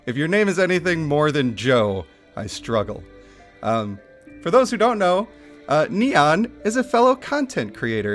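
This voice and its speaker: A man streaming a mobile game from his home setup, chatting casually, getting excited and laughing often, into a desk microphone. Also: a little high, a little slow, soft background music. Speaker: gaming streamer. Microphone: desk microphone picking up chair rumble.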